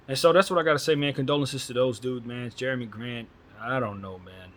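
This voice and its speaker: A man's voice: medium pitch, a little fast, few pauses, slight background noise. A man hosting a casual solo basketball chat, talking bluntly and with strong opinions, using casual slang. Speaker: basketball commentary host.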